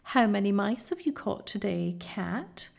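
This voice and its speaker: A woman's voice: mid-range voice, expressive, a little slow, gravelly, a little mellow. A woman voicing a jeering crowd of evil creatures, taunting in a mocking sing-song.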